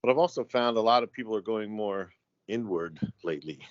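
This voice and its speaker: Deep american guy rambling with lots of ums, dry dull audio. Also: no echo. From United States. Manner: halting, rambling, many fillers and restarts. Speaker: guest, tattoo artist. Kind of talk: casual conversation.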